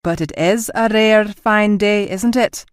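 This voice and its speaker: A man's voice: high-pitched, unhurried, clean tone, no echo, studio quality, pitched above the performer's own voice. A woman voicing a joking male ship officer who puts on a hammy fake Scottish brogue. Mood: solemn teasing.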